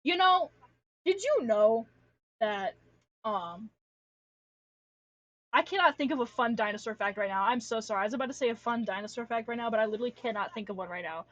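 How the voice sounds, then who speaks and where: A woman's voice: a little high, animated, fairly quick, long pauses, a bit bright, no echo, muffled recording. Rambling young woman streamer, dry sound. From Alaska. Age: young adult. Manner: rambling, self-deprecating, slangy, swears freely. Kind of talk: casual livestream chat. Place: home room.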